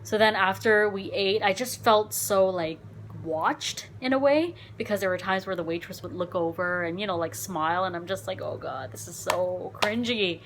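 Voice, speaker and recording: Frank, animated woman telling a story. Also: mid-range voice, normal speed, slight background noise. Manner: animated, frank, swears, lots of "like". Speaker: vlogger. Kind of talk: casual storytime vlog.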